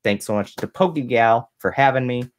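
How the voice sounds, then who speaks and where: Man giving measured collecting advice. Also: medium pitch. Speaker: guest card collector. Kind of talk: livestream Q&A chat.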